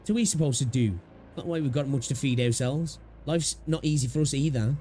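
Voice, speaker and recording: A man's voice: medium pitch, a little fast, mellow, slight background noise, natural voice. A man voicing a defensive, shifty male village farmer who blusters and makes excuses.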